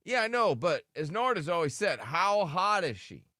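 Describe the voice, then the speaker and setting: A man's voice: sits high, sing-song, normal speed, sharp tone, no echo, clean studio sound. A man hosting a morning radio show, joking and telling playful stories in casual banter.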